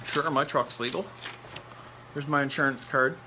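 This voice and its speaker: A man's voice: fairly high pitch, steady tone, moderate pace, long pauses, background noise. A man telling a personal story in a blunt, rambling way, repeating phrases for emphasis and laughing in between. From Nova Scotia, Canada.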